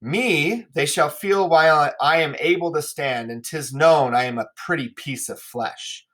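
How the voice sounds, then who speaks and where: A man's voice: on the high side, a little slow, fairly bright tone. A man reading the part of Sampson, a brash young male servant spoiling for a fight, in a classroom read-aloud. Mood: boastful. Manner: plain reading of verse lines.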